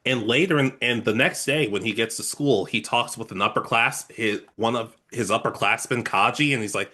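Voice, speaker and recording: A man's voice: mid-range voice, fairly quick, few pauses, pushed and bright. A young adult man co-hosting a casual anime podcast, recapping episodes animatedly and acting out characters' lines. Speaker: podcast co-host.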